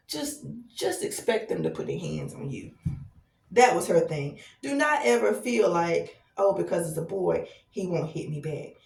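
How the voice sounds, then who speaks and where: A woman's voice: lowish voice, vocal fry. A woman hosting a podcast, speaking in a frank, candid personal monologue, swearing freely and asking "right?". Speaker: podcast host. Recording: echoey room, voice off-mic.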